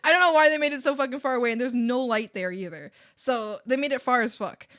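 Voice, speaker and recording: Young woman streamer, slightly high voice, swears freely while venting, animated storyteller. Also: fast talker. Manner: animated, profane, mocking whiny voices. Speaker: art streamer.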